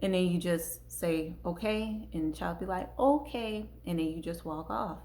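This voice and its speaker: A woman with features talks casually about parenting, acting out small exchanges between parent and child. Her voice sits on the lower side. A faint hum runs underneath the recording. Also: little pitch movement, normal speed, darkish tone. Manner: conversational, gives acted examples, repeats herself. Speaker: parenting channel host. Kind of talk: casual talk to camera.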